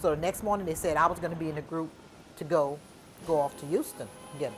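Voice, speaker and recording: A woman, telling her own story in an animated, informal way and acting out the dialogue. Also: low-pitched, quick pace, faint music behind. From New Orleans, USA. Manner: animated, acts out the dialogue, informal Southern speech. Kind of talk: personal storytelling.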